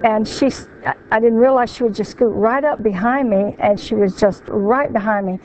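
An older woman, a grandmother, telling her story as a TV guest in an earnest, halting way. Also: a little high, darkish tone, faint music behind, low-quality recording. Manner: earnest, halting retelling with fillers. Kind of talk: emotional personal account.

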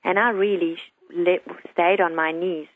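A woman's voice: fairly low pitch, steady tone, moderate pace, no room sound, low-quality recording. A woman who is a talk show guest, earnestly telling a personal faith story and quoting her young son's words.

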